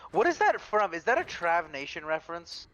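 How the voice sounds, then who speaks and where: Wry co-streamer with lively intonation. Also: medium pitch, moderate pace, dull audio. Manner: dry, wry commentary and gaming tips. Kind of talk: casual chat while gaming.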